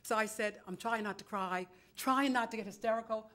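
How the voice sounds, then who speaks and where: A woman from New York stands at a council chamber podium and tells a long story in a chatty, theatrical way. Her voice sits a little high, and she plays out both sides of each conversation as she goes. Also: fairly quick, a bit bright. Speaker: public commenter. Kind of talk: animated storytelling at a council meeting.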